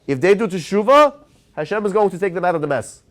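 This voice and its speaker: A rabbi tells a lively story in a Torah class, speaking quickly in a high voice. He stops now and then to put questions to his listeners, then carries on. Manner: animated storyteller who quizzes his audience.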